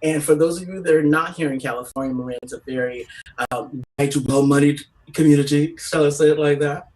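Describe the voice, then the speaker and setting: A woman doing a stand-up comedy set, telling brash, profane stories in an animated way. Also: low voice, brisk, distant mic, low-quality recording.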